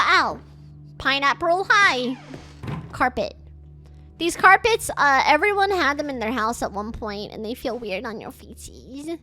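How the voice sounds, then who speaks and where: A high-pitched woman with a lively, bouncing voice talks through a game on a livestream. She is bubbly and excitable, and thanks supporters in quick bursts while game music plays loudly behind her. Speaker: streamer. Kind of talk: casual gameplay livestream.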